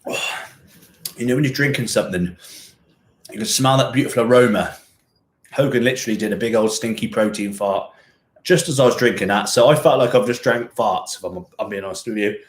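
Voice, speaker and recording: A man's voice: lowish voice, fairly quick. A man from Hereford with a Gloucestershire West Country twang and a touch of Welsh, hosting a fitness live stream from a cold home gym shed. He is jokey and rambling, laughs often, and chats casually as he reads out viewers' comments. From England, born in Hereford. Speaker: fitness channel host.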